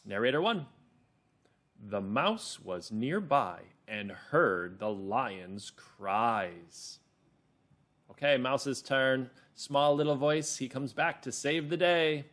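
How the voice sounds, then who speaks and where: Slow, expressive male teacher reading aloud. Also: mid-range voice. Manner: warm encouraging teacher, explains words. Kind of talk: reading a story aloud for children.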